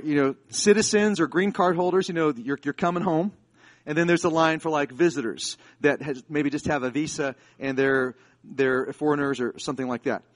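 A pastor with a notably high-pitched male voice delivers a sermon. He moves from chatty storytelling to fervent, emphatic exhortation. He is an American man in his forties. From United States. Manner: conversational storytelling that builds to fervent, emphatic preaching.

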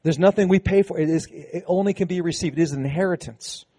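A man preaching a sermon to a congregation, emphatic, slowing down on key phrases and leading call-and-response. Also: high-pitched, dark tone, breathy edge, dry recording. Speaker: pastor.

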